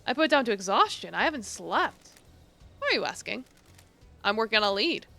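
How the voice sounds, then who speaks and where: A woman's voice: mid-range voice, sing-song, brisk, creaky, pushed and bright, faint music behind. A woman streaming a game, reading its dialogue aloud and adding casual, swearing asides.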